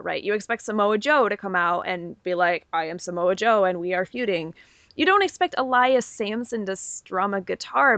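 A woman's voice: medium pitch, a bit bright, no echo. A woman co-hosting a podcast, giving an enthusiastic, opinionated casual recap. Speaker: podcast co-host. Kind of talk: casual wrestling recap chat.

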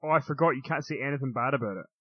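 A man's voice: racing, breathy edge, no room sound. A man co-hosting a casual chat, laughing often as he talks. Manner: laughs often, mimics others in shrill voices. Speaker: podcast co-host. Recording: slightly muffled audio.

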